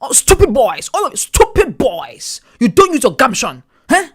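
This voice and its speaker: A man voicing a male math teacher, loudly berating his class. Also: very high voice, wildly swooping pitch, moderate pace, pitched above the performer's own voice, full character voice. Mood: scolding. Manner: loud, scornful, berating the class. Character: scolding male math teacher sitting on the desk.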